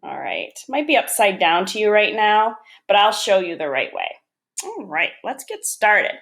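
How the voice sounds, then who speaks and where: A woman teaching young children, reading a picture book aloud and explaining step by step in a gentle, encouraging way. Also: mid-range voice, sing-song, moderate pace, vocal fry. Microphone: camera or phone on a desk.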